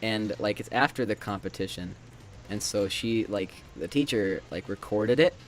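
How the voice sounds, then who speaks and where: A teenage boy chatting casually while gaming, telling animated stories and acting out his classmates' lines. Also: lowish voice, moderate pace. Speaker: gamer chatting while playing. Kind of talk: casual chat. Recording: faint game music behind.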